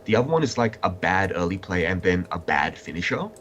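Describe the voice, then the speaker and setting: A man with a very low, deep voice talks through a card set in a loose, casual chat. He is blunt and opinionated, with dry humor. A faint hiss of background noise sits under him. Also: very animated, brisk, fairly bright tone, lo-fi sound. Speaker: card game reviewer.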